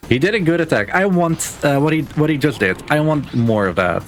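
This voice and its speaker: A man speedrunning a game on a live stream, explaining his moves in a relaxed, casual way with plenty of filler words. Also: on the high side, brisk. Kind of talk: casual live gameplay commentary. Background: game music.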